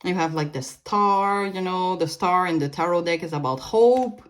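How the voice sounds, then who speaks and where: A woman's voice: fairly low pitch, moderate pace. Woman reading tarot cards. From Canada. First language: French. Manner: meandering, many fillers and restarts, light laughs. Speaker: tarot reader. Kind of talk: casual pick-a-card tarot reading.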